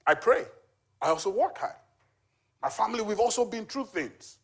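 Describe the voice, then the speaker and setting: A man's voice: high voice, big pitch swings, moderate pace, creaky, a bit bright, slightly rough. A man in his forties giving a conversational church testimony, telling a story with frequent fillers like "you know". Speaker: charity volunteer giving a testimony.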